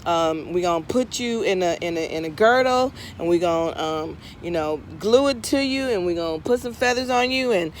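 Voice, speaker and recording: A woman voicing a kind spirit ghost who comforts a scared turkey and rushes to hatch plans in a told story. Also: on the low side, animated, a little hiss or hum, close to an everyday voice. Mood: urgent. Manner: soothing, then hurried planning. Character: kindly spirit ghost, reassuring and scheming.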